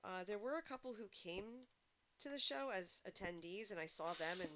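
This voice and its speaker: A woman game streamer chatting casually to her viewers and telling stories in an animated way. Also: medium pitch, normal speed, background noise. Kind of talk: casual chat. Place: home streaming setup. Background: background music.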